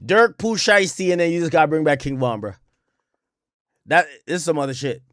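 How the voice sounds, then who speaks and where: A man's voice: fairly high pitch, a little fast, no echo, studio quality. Hyped-up man reacting on stream. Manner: animated, profane, hyped-up. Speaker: streamer host. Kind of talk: live reaction commentary.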